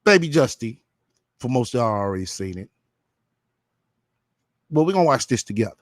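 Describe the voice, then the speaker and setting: A man gives blunt, profane reaction commentary, talking straight at his viewers. His pitch sits in the middle but swings widely as he speaks. The sound is dry and close, with no room around it. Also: big pitch swings, normal speed, dry recording. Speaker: commentary streamer.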